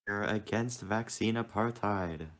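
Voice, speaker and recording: A man's voice: fairly low pitch, measured pace, a bit bright. A man co-hosting a live stream, chatting casually and making dry, teasing remarks. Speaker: stream co-host and moderator.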